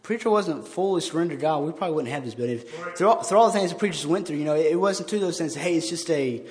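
A lay member of the church preaches in the pastor's place in the sanctuary, his fairly high voice animated and fast. The sermon is earnest and informal, conversational with frequent restarts, and the recording carries a long church-hall reverb.

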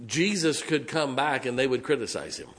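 A man's voice: mid-range voice, animated, normal speed. A middle-aged man preaching a sermon as pastor, folksy and joking, sometimes mocking whiny voices.

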